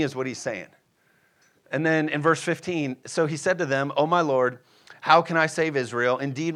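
A man's voice: fairly high pitch, a bit bright. A man preaching a sermon in a conversational way, acting out biblical figures with playful asides and checking in with his listeners. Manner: asks the congregation "are you with me?".

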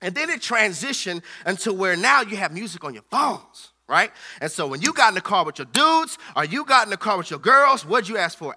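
A man's voice: high-pitched, big pitch swings, a little fast, few pauses, bright, forceful tone. A man preaching a playful, joking sermon who calls out to his congregation. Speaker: pastor.

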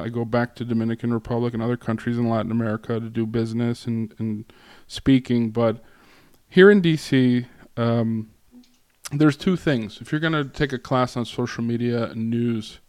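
Halting man giving a casual class talk. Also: mid-range voice, clear, resonant tone, dry recording, clean studio sound. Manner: halting, many fillers and restarts. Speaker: guest lecturer.

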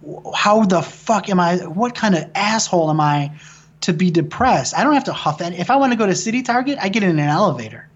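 This thirtysomething Michigan filmmaker has a high, husky, expressive voice and talks fairly quickly on a lo-fi recording. Appearing as a guest, he tells stories casually, cursing a lot and often starting his sentences over.

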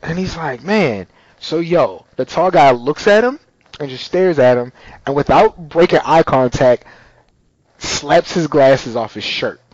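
A man's voice: on the high side, unhurried, no echo, lo-fi sound. A man telling a story in casual chat, acting out the people in it. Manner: animated storyteller, acts out voices.

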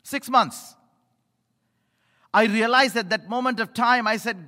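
A middle-aged male pastor preaching a sermon, emphatic, swinging between loud appeals and low asides, in a church. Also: a little slow. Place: church sanctuary. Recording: echoey hall reverb.

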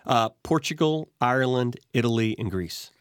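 A man's voice: mid-range voice, lively intonation, moderate pace, clear, resonant tone, dry recording, clean studio sound. A man in his forties, a guest from an investment firm, agreeing readily and thinking aloud about markets with frequent restarts. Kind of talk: conversational finance interview.

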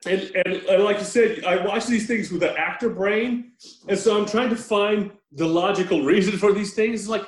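A man on a casual film podcast, retelling a movie with animated storytelling and frequent laughs. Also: sits high, moderate pace. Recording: echoey room.

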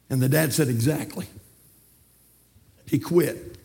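A man's voice: big pitch swings, a little slow, long pauses. A man with a Southern US accent preaching a sermon from the pulpit, telling stories and calling the congregation not to quit. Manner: emphatic preaching that rises to shouts and drops low. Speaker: pastor. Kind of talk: sermon with storytelling. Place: church sanctuary, from the pulpit.

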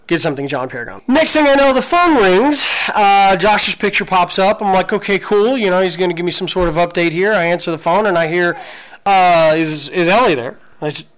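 A man in his forties co-hosting a podcast, telling a story in an excited, gushing way with many restarts. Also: on the high side, rough recording. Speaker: podcast co-host. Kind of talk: casual storytelling chat.

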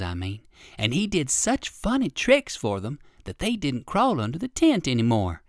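A storyteller reading a children's story aloud, with a lively, playful manner and asides to the listener. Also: medium pitch, no echo, clean studio sound.

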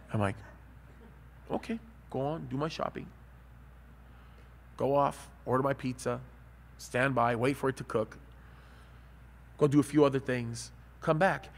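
A man preaching a sermon, telling lively stories and asking his listeners questions. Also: fairly high pitch, long reverb tail. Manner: animated storytelling, asks the crowd.

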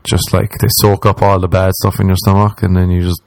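A man with an Irish accent and a fairly low voice, talking alone into a podcast microphone. He rambles through a comic story, swears freely and mocks himself. The sound is dry and close, with no room around it. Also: flat delivery, brisk, creaky, no echo, poor audio. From Ireland. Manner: rambling, profane and self-mocking, slipping into exaggerated voices when quoting people. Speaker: podcast host. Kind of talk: casual comedic storytelling monologue.

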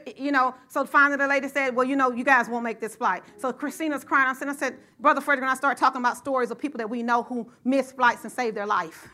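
A middle-aged woman preaching a sermon and telling a personal story, in a lively call-and-response style that rises to shouts. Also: high voice, quick pace, hardly any pauses.

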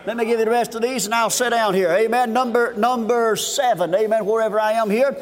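A man preaching a fervent revival sermon, often shouting and stretching words. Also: very high-pitched, fairly even intonation. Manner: fervent, shouting, drawn-out pauses. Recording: long hall reverb.

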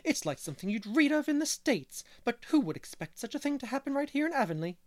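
A man voicing a bossy, nosy older woman who gossips loudly and indignantly, in a dry audiobook reading. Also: high-pitched, big pitch swings, quick pace, no echo, pitched above the performer's own voice. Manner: loud and indignant.

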